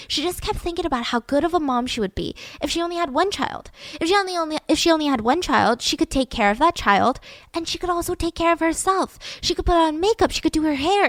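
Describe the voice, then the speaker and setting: Woman podcast host, casual true-crime storytelling, animated and chatty, fairly high voice, dry close sound. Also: no room sound.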